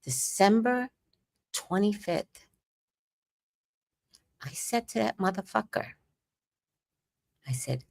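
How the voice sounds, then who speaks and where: An animated woman telling a candid personal story on her livestream. Her pitch leaps and dips freely. Her mid-height voice jumps from loud, emphatic bursts to near-whispered asides, with plenty of swearing. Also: takes it slowly, creaky, long pauses. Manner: animated, swinging between loud emphasis and hushed asides, profane. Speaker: livestream host.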